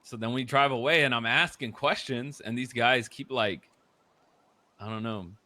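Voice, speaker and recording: A young man casually recounting a roleplay story, profane and animated, dropping into low mutters when quoting people. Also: moderate pace. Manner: profane, animated, quotes others in muttered voices.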